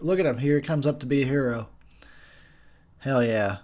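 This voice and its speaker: A man's voice: medium pitch, moderate pace, darkish tone. A tipsy man doing a drunken movie commentary, profane and rambling, cracking himself up. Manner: profane, rambling, laughing a lot. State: tipsy from drinking. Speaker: commentary host.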